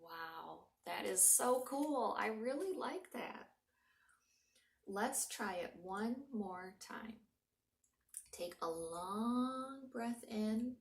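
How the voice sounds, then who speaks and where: Slow, gentle woman leading breathing. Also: mid-range voice, lively intonation. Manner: soft, slow and encouraging, sometimes dropping to a whisper. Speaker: children's librarian leading a mindfulness story time. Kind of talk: gentle guided breathing lesson for young children. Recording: roomy home recording from a distance.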